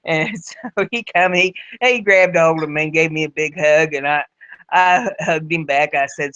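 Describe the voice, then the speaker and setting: A woman's voice: deep voice, moderate pace, a bit bright. A woman tells a story in a plain, folksy way, often repeating her words. The sound is dull and lo-fi. The room is dry, with no echo. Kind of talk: spoken storytelling. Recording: dull lo-fi recording.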